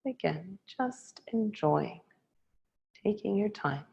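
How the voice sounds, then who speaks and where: A woman teaching a yoga class, giving slow, calm, soothing cues to her students. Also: medium pitch, creaky, lo-fi sound. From Hawaii. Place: yoga studio.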